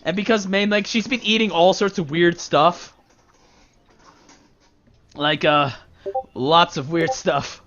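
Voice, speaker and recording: A man's voice: high voice, steady tone, slow, long pauses, a bit bright. A man narrating a tabletop game as game master, rambling casually with many fillers. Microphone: voice chat. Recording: dull lo-fi voice chat.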